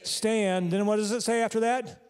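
A man's voice: high-pitched, fairly even intonation, moderate pace, a little mellow, smooth. A man preaching a sermon in a church, talking casually and quizzing the congregation. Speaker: pastor. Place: church sanctuary.

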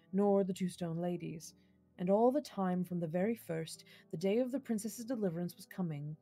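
Woman reading a storybook aloud, gentle measured pace, mellow husky voice, faint music behind. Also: fairly low pitch. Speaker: storybook reader. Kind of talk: reading a fairy tale aloud on a live stream.

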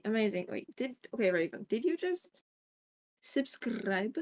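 A woman's voice: on the high side, sing-song, measured pace. A woman streaming live in a casual chat, thinking aloud while she sets up and greets viewers by name, recorded at her home setup.

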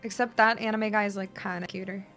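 Over background music, a woman streams a video game in casual live commentary, talking fast in a mid-range voice with fairly even intonation. She is losing her voice but keeps chatting with viewers, laughing often and cursing as she responds to chat.

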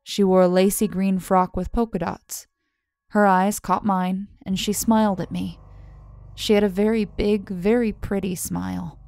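A woman narrating a first-person horror story in a measured, scripted delivery, letting her voice fall softly on the tags. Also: mid-range voice, little pitch movement, vocal fry, no room sound. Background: soft music.

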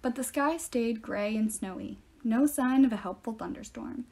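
A woman reading a novel aloud, telling the story steadily in the first person. Her voice sits a little high, with a mellow, relaxed tone. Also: normal speed, vocal fry. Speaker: reader.

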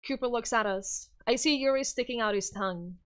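A woman streamer reading a visual novel aloud in an expressive, lively way. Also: a little high, fairly quick, slight background noise.

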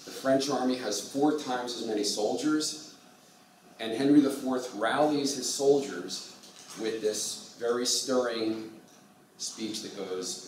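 A man giving a university lecture, speaking slowly and often mixing in halting Russian with many fillers. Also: mid-range voice, darkish tone, slight background noise. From United States. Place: lecture hall. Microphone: far from the mic. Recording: distant echoey lecture hall.

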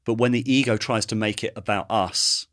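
A male host in a casual interview, speaking thoughtfully and often pausing to search for words. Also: fairly low pitch, steady tone, fairly bright tone, no room sound, clean studio sound.

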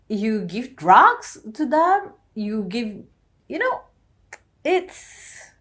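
A Malaysian woman with a Malaysian English accent hosting a reaction video, talking in an earnest, emotional, halting way with frequent restarts. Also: sits high. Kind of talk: reaction commentary.

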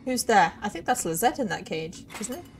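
Excitable woman gaming commentary. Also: mid-range voice, a little fast, slight background noise. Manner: excitable, sarcastic, laughs often. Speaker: let's play gamer. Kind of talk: horror game commentary.

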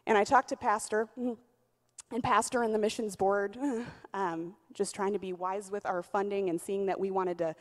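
A woman in her thirties, a pastor with a twangy voice, telling a lively testimony in church with lots of fillers. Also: mid-range voice, normal speed. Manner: animated storytelling, many "uh" fillers. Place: church sanctuary. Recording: long church reverb.

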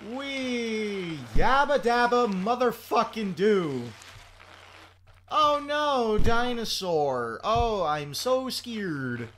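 Lively high-voiced male gamer, noisy recording. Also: drawn-out words. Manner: excitable, swearing, laughing often. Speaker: gameplay commentator. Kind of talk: let's play commentary.

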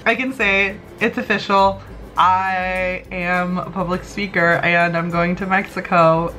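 A woman's voice: on the low side, flat delivery, unhurried, sharp tone. A young adult woman vlogging in a casual, upbeat, chatty way, often saying "like". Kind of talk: casual vlog chat.

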